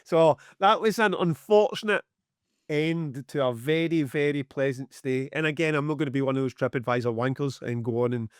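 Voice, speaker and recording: Slightly high and resonant, this clear male voice moves at a moderate pace in a studio recording with no echo. He's a middle-aged podcast co-host and music promoter from Scotland, spinning a casual story full of swearing while animatedly voicing both people in the exchange.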